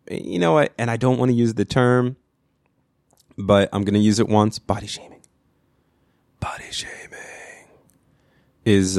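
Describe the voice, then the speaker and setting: A man's voice: lowish voice, clear, resonant tone, no echo, studio quality. A man from New York hosting a podcast, ranting crudely with constant swearing and rambling restarts. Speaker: podcast host. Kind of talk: profane solo rant.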